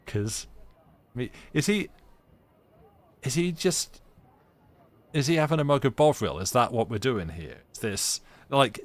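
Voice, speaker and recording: A man's voice: medium pitch, lively intonation, unhurried, long pauses, no echo. Young British man, livestream chat, sarcastic, rambling, reads game text aloud. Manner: sarcastic, rambling, laughs often. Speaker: streamer.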